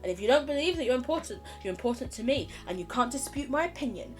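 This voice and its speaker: A woman's voice: high-pitched, expressive, quick pace, faint music behind. A young British woman chatting casually on a gaming livestream, wandering off on tangents and laughing often. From United Kingdom. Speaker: streamer.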